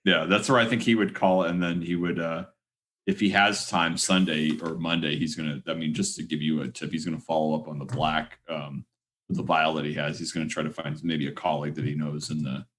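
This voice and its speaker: A man playing a tabletop horror game, calmly explaining how his character feels and what he will do next. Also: very deep voice. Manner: thoughtful, deliberate, hedging with "I mean".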